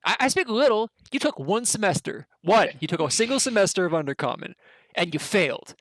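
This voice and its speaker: A game master voicing a boastful, bickering male goblin in a tabletop role-play game, in a high, squabbling voice. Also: sing-song, brisk, no echo.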